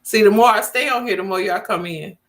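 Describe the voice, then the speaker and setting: A woman's voice: medium pitch, brisk. A woman, chatting casually with viewers as host of her livestream. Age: 50s. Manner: chatty, talks straight to viewers.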